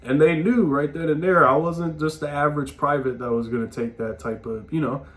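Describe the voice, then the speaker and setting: A man talks straight to his audience in a casual storytelling monologue. His voice sits a little high. He speaks in loose slang and swears freely. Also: a little fast. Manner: animated, slangy, swearing, frequent "man" tags. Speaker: podcast host giving advice.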